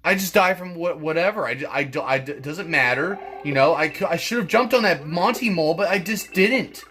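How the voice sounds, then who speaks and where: A gaming channel host does let's-play commentary on his own gameplay, swearing often and stammering whenever he restarts. His voice is a little high, a little fast, bright and forceful, with faint music behind it.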